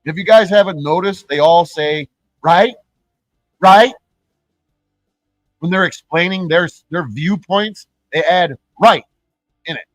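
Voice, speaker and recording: A man's voice: on the high side, normal speed, few pauses, no room sound, soft background music, poor audio. Profane ranting streamer man. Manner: profane, rambling, mocking; repeats and restarts words. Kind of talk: ranting live-stream commentary.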